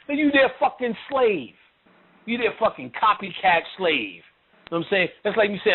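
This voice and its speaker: A man's voice: high-pitched, big pitch swings, a little fast, husky. A man giving a blunt, mocking spiritual lecture full of profanity and street slang. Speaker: lecturer on occult and spiritual topics. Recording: tinny phone-like line with faint noise.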